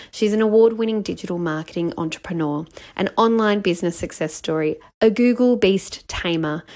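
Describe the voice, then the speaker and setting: A woman hosting a podcast interview, introducing her guest with enthusiasm. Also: on the low side. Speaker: podcast host.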